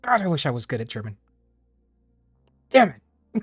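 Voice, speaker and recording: A man chatting casually on a livestream, rambling and animated, often laughing. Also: a little high, moderate pace, breathy edge, no echo, clean studio sound, soft background music. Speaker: streamer.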